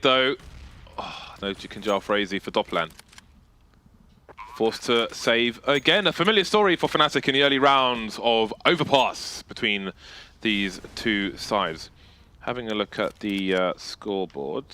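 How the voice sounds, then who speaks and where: A man's voice: fairly low pitch, bright, forceful tone, smooth. A man commentating an esports match play by play, with jokes and banter between the calls.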